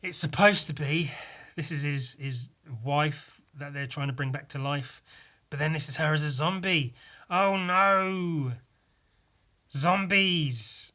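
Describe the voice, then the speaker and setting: A man's voice: fairly high pitch, normal speed, sharp tone. A young man casually talking over his old comic, self-mocking and swearing. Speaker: vlogger. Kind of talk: casual commentary.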